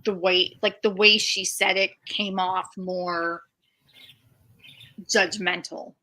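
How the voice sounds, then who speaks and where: A woman's voice: lowish voice, steady tone, takes it slowly, pushed and bright. A woman streamer giving frank, emphatic commentary in casual chat.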